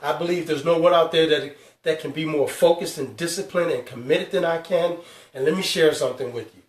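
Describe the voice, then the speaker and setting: A man's voice: fairly high pitch, distant mic. Emphatic man in an echoey room. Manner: emphatic, drawn-out numbers, calls out to viewers. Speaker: host. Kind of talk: live-streamed financial talk at a whiteboard. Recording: echoey room, speaker away from mic.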